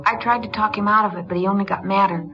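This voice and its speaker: An actress narrating as a young woman confessing her story in a 1950s radio drama, quiet and weary. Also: medium pitch, fairly even intonation, rapid-fire, close to an everyday voice. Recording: dull old radio broadcast with music.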